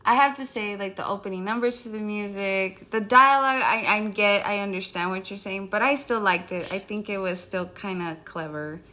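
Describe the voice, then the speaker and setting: A woman's voice: medium pitch, normal speed, hardly any pauses, pushed and bright. A woman co-hosting a casual film-review podcast, chatty, laughing often and full of "like"s and restarts. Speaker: podcast co-host.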